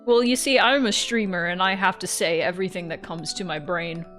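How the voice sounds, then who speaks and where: A woman's voice: lowish voice, a little fast, a bit bright, soft background music. Giggly rambling woman streamer. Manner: giggly, rambling, swears freely. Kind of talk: casual chat while playing a game.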